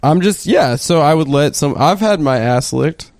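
Casting: young man, gravelly, animated, slightly higher pitch, mock-indignant comic banter. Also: moderate pace, no echo. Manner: mock-indignant, crude joking. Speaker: podcast co-host. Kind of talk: casual comedic banter.

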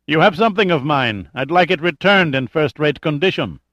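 Guy doing smooth silky bad guy, calm threats, dry close sound. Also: fairly high pitch, a little fast, no room sound, lo-fi sound, pitched above the performer's own voice. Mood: smooth probing. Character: silky menacing male terrorist leader, adult.

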